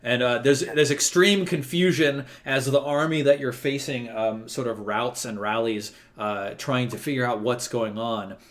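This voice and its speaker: A man's voice: mid-range voice, a little slow, hardly any pauses, a bit bright. A man running a tabletop role-playing game as game master, narrating loosely with lots of fillers.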